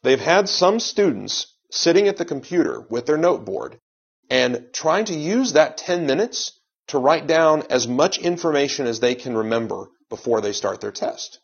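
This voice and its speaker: A man's voice: on the high side, animated, normal speed, gravelly, slightly rough. A man giving an exam-prep lecture in a conversational, advisory way. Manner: conversational, advisory, with frequent uh fillers. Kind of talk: lecture with slides. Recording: dull lo-fi audio.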